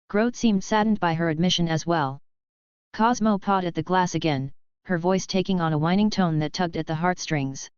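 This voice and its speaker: A woman reading a novel aloud as narrator, telling the story in an even, unhurried way. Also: on the low side, clear, resonant tone, no room sound. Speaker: audiobook narrator. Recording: dull, lo-fi dry recording.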